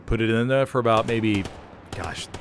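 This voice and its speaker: A man casting a live game, chatting casually in rambling, relaxed asides. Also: lowish voice, normal speed, a little hiss or hum. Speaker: game caster. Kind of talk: casual chat during live game commentary.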